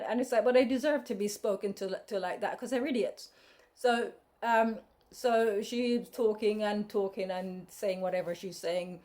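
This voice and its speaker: A woman's voice: mid-range voice, a little mellow. A woman, talking in a casual personal monologue, blunt and outspoken, rambling with many restarts. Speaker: podcast host.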